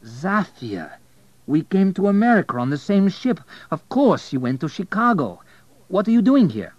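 A man's voice: high-pitched, sing-song, normal speed, dry recording, lo-fi sound, voice pushed up. A man reading the part of an ambitious young immigrant hotelier, speaking in an eager, pressing way.

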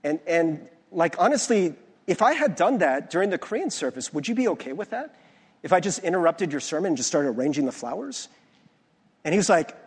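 Man preaching, husky voice, high lively pitch, long church reverb. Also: brisk. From United States. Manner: conversational, animated, many restarts and "like". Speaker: pastor. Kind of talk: sermon with personal stories. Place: church sanctuary.

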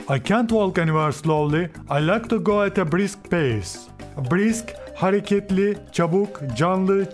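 A man who speaks Turkish as his first language teaches English, repeating example sentences several times before translating and explaining them. His voice sits high.

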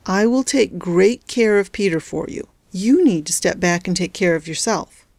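A woman's voice: lowish voice, lively intonation, moderate pace, creaky, a little mellow, no room sound. A woman voicing a firm, disapproving hospital nurse in an audiobook, her voice raised a little above her narrating voice. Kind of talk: audiobook character voice.

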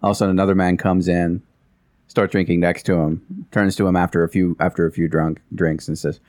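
Deep voiced dude telling a joke slow and careful, dry mic. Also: male voice, little pitch movement, a little mellow, no room sound. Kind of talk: casual chat, joke telling.

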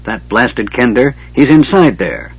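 A man voicing a gruff, hot-tempered old male dwarf in an audiobook reading, on lo-fi cassette tape. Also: medium pitch, sing-song, a little slow, heavily acted. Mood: frantic shouting.

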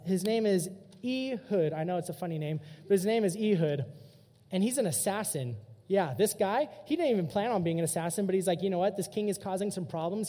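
His voice high and relaxed with a mellow tone, a young youth pastor preaches to a youth group. He tells stories casually and with animation, and a hall's long reverb rings around him.

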